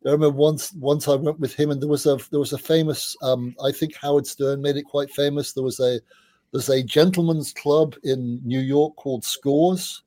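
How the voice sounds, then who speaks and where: A middle-aged man, a music journalist, telling rambling, animated anecdotes with casual swearing as an interview guest. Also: a little high, normal speed, dry recording.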